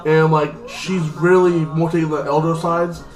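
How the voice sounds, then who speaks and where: A man's voice: a little high, flat delivery, normal speed, darkish tone. A man giving a casual, rambling recap of a TV episode, filling his talk with constant "like". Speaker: TV episode reviewer. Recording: echoey room with faint music.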